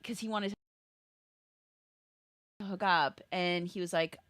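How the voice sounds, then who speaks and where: A woman's voice: fairly low pitch, fairly even intonation, takes it slowly, a bit bright, no echo, studio quality. Chatty woman co-hosting a comedy podcast. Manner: chatty, giggly, introduces segments. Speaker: podcast co-host. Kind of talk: casual comedic podcast chat.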